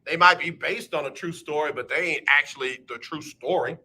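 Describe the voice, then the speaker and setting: A man hosting a live radio talk show, animated and joking as he teases his listeners. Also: on the high side, brisk. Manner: animated, joking, playful teasing. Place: radio studio.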